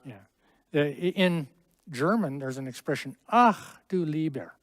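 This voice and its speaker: A man's voice: fairly high pitch, animated, measured pace, a bit bright, dry recording. A middle-aged man teaching a Hebrew class in a classroom, explaining at length with friendly asides and small jokes. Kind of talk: classroom lesson.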